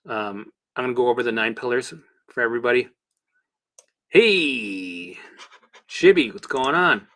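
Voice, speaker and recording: A man hosting a casual livestream, coaching viewers through exercises in an animated, chatty way with the odd swear word. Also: mid-range voice. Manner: guides listeners through exercises. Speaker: host and recovery coach.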